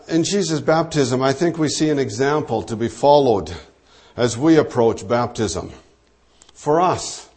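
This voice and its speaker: A man preaching a measured, explanatory sermon, dropping low and soft when he quotes scripture. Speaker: pastor.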